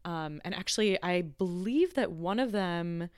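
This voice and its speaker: An eager, chatty woman speaking as a podcast guest about her arts work. Her voice is smooth and clean, recorded close and dry, and she talks with plenty of fillers and quick bursts of excitement. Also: fairly low pitch, no echo. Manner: enthusiastic, chatty, many fillers. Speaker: guest, arts organization leader. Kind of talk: casual podcast conversation. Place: Chicago.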